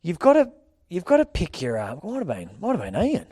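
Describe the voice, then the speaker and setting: A man's voice: high voice, huge pitch swings, a little fast, mellow, no room sound, clean studio sound. Rambling Australian man telling a yarn. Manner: rambling anecdotes, laughs while telling. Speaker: podcast co-host. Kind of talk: casual storytelling chat.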